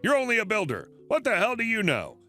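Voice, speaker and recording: Arrogant male company boss, scornful and loud, voiced by a high-voiced male reader. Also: wildly swooping pitch, fairly quick, faint music behind, full character voice. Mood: angry. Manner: shouting, scornful. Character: angry arrogant male fuel company manager.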